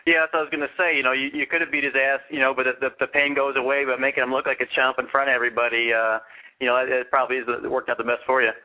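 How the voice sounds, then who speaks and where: A male radio host chatting casually with a guest, halting and repeating words. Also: mid-range voice, little pitch movement, sharp tone, poor audio. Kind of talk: casual interview chat.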